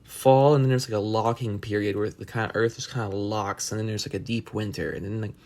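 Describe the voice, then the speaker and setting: A man's voice: lowish voice, fairly even intonation, fairly quick, a little mellow. Rambling, profane male podcast host. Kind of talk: solo podcast monologue.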